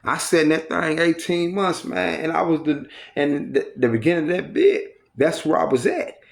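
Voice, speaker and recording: A man's voice: fairly high pitch, moderate pace, vocal fry. A man telling a long, rambling, profanity-heavy story in a casual spoken style, acting out what others said along the way. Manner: profane, rambling, animated retelling.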